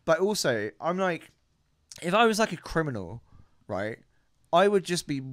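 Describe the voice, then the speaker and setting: A man co-hosting a podcast, telling rambling animated stories in casual chat. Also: a little high, normal speed, dry recording, clean studio sound. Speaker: podcast co-host.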